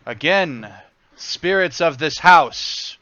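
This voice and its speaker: A grave, ritual-minded woman mystic , voiced by a man, intones each phrase slowly. The tone is bright, the sound is dry, and it comes through a dull, lo-fi mic. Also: on the high side, clear, resonant tone, no echo. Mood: solemn. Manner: slow, measured, ceremonial. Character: solemn woman mystic leading a seance.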